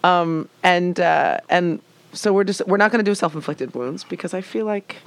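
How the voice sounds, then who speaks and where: A woman's voice: fairly low pitch, moderate pace, no room sound. A woman hosting a podcast interview, prompting her guest and nodding along. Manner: brief affirming backchannels, guiding the talk. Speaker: podcast host. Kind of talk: casual interview chat.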